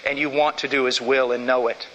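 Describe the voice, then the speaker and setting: Bright-voiced man preaching in an echoing hall. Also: mid-range voice, flat delivery, a little fast, dull audio, a little hiss or hum. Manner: emphatic, repetitive preaching. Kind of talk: sermon. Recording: long hall reverb.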